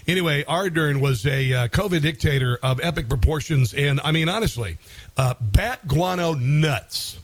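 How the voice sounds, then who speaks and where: A man's voice: on the high side, dry recording. Sarcastic talk radio host, a man. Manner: sarcastic, mocking, rambling with fillers. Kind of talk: conservative talk radio commentary.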